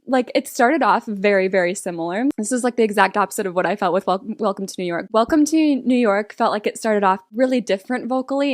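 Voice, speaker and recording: A woman chatting excitedly and laughing as she reacts to an album. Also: mid-range voice, no room sound, studio quality. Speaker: music reaction streamer. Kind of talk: casual reaction commentary. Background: faint pop music.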